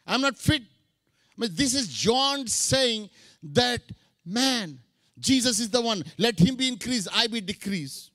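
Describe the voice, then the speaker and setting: A man's voice: very high voice, lively intonation, slow pace, bright, forceful tone, no echo, clean studio sound. A middle-aged man preaching a sermon, mixing English with Hindi phrases. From India. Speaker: pastor.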